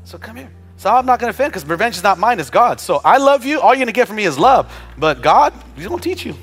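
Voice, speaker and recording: Bright-voiced man preaching with animated humor. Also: high voice, fast talker, breathy edge, soft background music. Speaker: pastor. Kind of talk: sermon. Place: church with several campuses, also streamed online.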